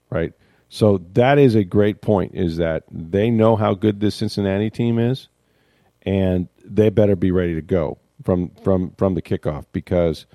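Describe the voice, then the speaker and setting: A man hosts casual sports talk in a low, warm, mellow voice. He is animated, stumbles over repeated words and slips into quoting others. The sound is close and dry. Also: no echo.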